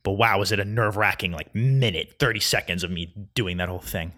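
A young man hosting a solo podcast, rambling through a casual rant at a quick, anxious clip. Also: low-pitched, pushed and bright. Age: young adult. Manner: fast, rambling, anxious storytelling. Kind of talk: casual ranting monologue. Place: Chicago.

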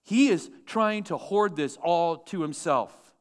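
A man's voice: a little high, lively intonation, takes it slowly, smooth. A man pastor preaching a sermon to his church, emphatic and asking the congregation questions.

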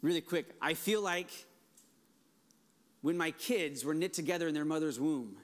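A man's voice: a little high, normal speed. A man in his forties, a pastor preaching a conversational, enthusiastic sermon with frequent restarts.

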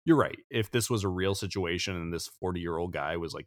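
A man's voice: low voice, lively intonation, a little fast, no echo, clean studio sound. A man co-hosting a podcast in casual chat, talking in a chatty way and laughing often. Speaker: podcast co-host.

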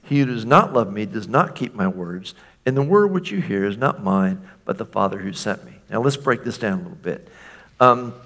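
A man's voice: mid-range voice, fairly bright tone. A man preaching a sermon to a congregation, chatty and informal, acting out the lines he quotes. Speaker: pastor.

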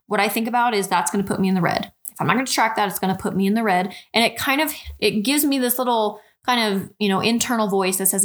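A woman's voice: medium pitch, a bit bright. Frank, chatty woman coach on a podcast. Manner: direct, frank, keeps addressing listeners as "guys"; chatty, with quick restarts and rhetorical questions. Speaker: nutrition coach. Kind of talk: podcast monologue.

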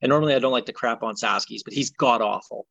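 A man's voice: medium pitch, fast talker, creaky, dry recording. Podcast co-host, man, exasperated sports ranter, dry dull lo-fi sound. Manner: exasperated ranting, animated. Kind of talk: casual sports chat.

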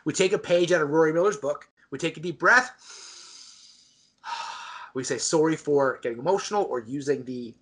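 A man's voice: on the high side, husky. A man hosting a debate podcast, energetically explaining the show's rules to listeners. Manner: energetic, talks straight to listeners. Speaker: podcast host.

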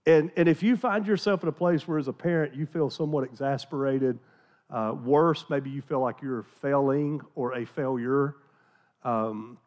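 A middle-aged pastor from the American South tells a folksy, self-deprecating story during a sermon, chatty and full of restarts. His mid-range voice is a little mellow and moves at a moderate pace.

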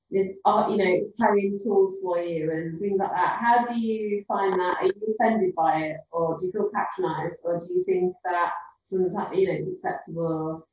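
A woman's voice: medium pitch, a little mellow, muffled recording. Woman host in a very echoey room. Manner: friendly, laughs readily, asks questions. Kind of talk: casual video call interview. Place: at home. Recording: echoey room, far from the mic, faint noise.

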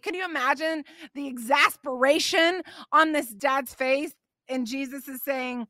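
A middle-aged woman hosts a faith podcast and preaches with emphatic passion, slipping into scripture readings. Her voice is bright and a little high, and it sits close and dry with no room sound around it. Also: measured pace, no room sound. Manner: emphatic and passionate, getting on a soapbox. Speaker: podcast host.

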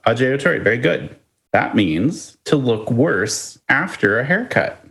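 A man co-hosting a podcast, chatting casually and telling stories in a playful, lively way with chuckles. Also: medium pitch, slow, creaky. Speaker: podcast co-host.

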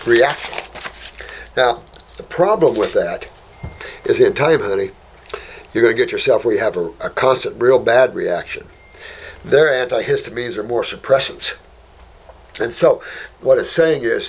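Husky man in folksy casual talk. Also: medium pitch. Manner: folksy, calls listeners honey, rambling asides. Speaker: host answering viewer questions.

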